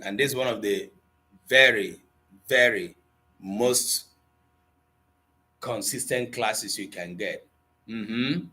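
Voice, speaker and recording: A man with an Igbo accent runs a live online class, switching between English and Igbo as he reads out viewer comments. His manner is playful, with frequent chuckles and gentle teasing of his students. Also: fairly low pitch, slow, long pauses. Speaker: Igbo language teacher.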